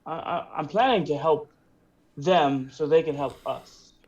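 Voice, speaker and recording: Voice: mid-range voice, unhurried, a little mellow. A player at a tabletop game, chatting and asking characters questions in a playful manner. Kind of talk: tabletop role-play chat. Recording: dull lo-fi mic audio.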